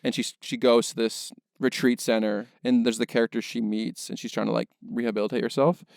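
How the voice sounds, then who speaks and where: Gravelly young man rambling about films. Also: mid-range voice, little pitch movement, fairly quick, darkish tone, no room sound, studio quality. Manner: rambling, filler-heavy, frequent restarts. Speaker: podcast co-host, filmmaker. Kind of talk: casual film discussion.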